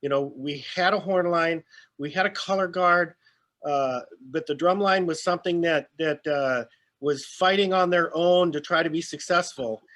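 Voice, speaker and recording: Man, very high voice, bright tone, casual host, retells stories. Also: normal speed. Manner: laughs often, prompts and retells stories. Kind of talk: casual panel talk.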